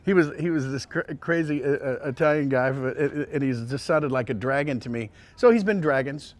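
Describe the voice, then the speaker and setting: Man, voice actor being interviewed, rambling anecdotes, lots of restarts, average pitch. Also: a little fast. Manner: rambling storytelling, many restarts, slips into impressions. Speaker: voice actor guest.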